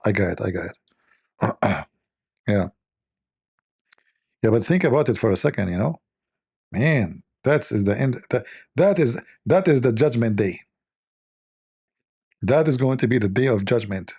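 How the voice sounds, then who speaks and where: Man, gravelly voice, joking commentary, mocking, rambling. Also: mid-range voice, expressive, measured pace, pauses often, a little mellow, no echo, studio quality. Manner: mocking, rambling, thinks aloud. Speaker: host.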